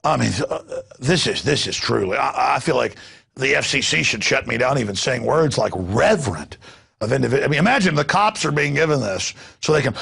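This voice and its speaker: Gravelly, husky ranting male talk host. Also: a little high, sing-song, a little fast, a bit bright. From United States. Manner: ranting, sarcastic, mocking asides. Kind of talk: talk radio rant.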